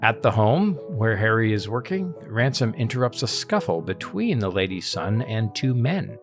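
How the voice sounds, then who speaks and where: Low-voiced man hosting a casual podcast. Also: moderate pace, over music. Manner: relaxed, chuckling, reads tasting notes. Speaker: podcast host. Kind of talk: casual chat.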